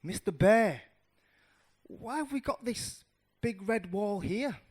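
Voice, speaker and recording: A man voicing a curious young male mouse in a spoken storybook tale, high and excited. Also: slow pace, breathy edge, heavily acted. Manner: excited, squeaky.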